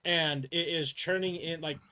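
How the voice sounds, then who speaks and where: A man's voice: a little high, fairly even intonation, a little slow, pushed and bright. A man running a tabletop role-playing game as game master, narrating in a loose, rambling way full of fillers.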